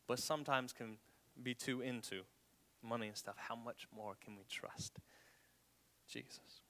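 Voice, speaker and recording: A man preaching with a bright, forceful voice. He stumbles over repeated words and sinks to a whisper for effect. His delivery is earnest and conversational. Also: medium pitch, fairly even intonation, normal speed. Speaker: pastor. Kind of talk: sermon.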